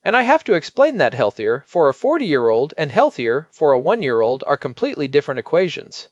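A man co-hosting a podcast as a pediatric expert, explaining in a measured way and stressing key points. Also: on the high side, big pitch swings, dry recording, dull audio.

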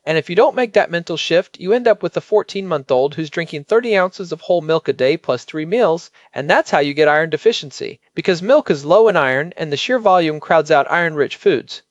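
Man, expert podcast co-host, measured and emphatic, high animated voice. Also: no echo, highs cut off. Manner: measured, explanatory, emphatic on key points. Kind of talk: explanatory podcast chat.

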